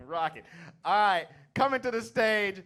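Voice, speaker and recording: Bright-voiced male comedy emcee. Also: sits high, lively intonation, a little slow, smooth. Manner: playful banter with the crowd. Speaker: comedy show host. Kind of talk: emceeing a stand-up show. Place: comedy stage. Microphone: stage mic.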